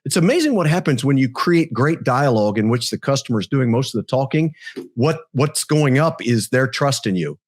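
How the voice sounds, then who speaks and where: A man's voice: medium pitch, big pitch swings, normal speed. A man guest on a podcast, a business coach telling wry, folksy stories to make his point. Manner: storytelling, wry, folksy analogies. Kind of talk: conversational podcast interview.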